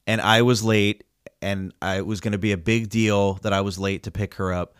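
A man's voice: lowish voice, moderate pace, clear, resonant tone. A man telling a story in casual chat, acting out the quotes and swearing freely. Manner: animated storytelling with acted-out quotes.

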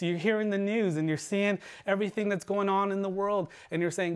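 A man preaching a sermon as a pastor, earnest and building, often dropping his voice low and soft for emphasis. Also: fairly even intonation, fairly quick, hardly any pauses, clear, resonant tone. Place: church livestream.

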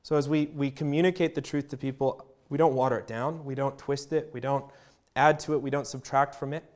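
A male pastor preaching to his congregation in an earnest voice. His pitch sits in the middle range for a man. He leans on emphatic pauses and lets his volume swell and drop. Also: steady tone, a little mellow. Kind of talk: sermon.

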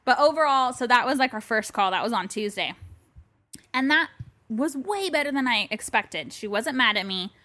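A woman's voice: fairly high pitch, expressive, normal speed, bright, forceful tone, dry recording. A woman co-hosting a podcast in casual chat, telling a story with animation and acting out both sides of a phone call. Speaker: podcast co-host. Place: bedroom.

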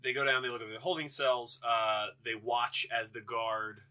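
A man's voice: medium pitch, little pitch movement, normal speed, pushed and bright. A man co-hosting a podcast, rambling and joking as he recaps a film, with casual swearing. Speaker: podcast co-host.

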